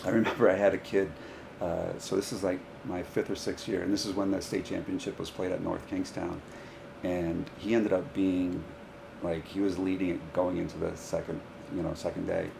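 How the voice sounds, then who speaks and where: A man, a high school golf coach, telling stories in a casual podcast chat and acting out the dialogue in them, with faint noise behind. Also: moderate pace, creaky. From Rhode Island, US. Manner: animated, acts out dialogue in stories.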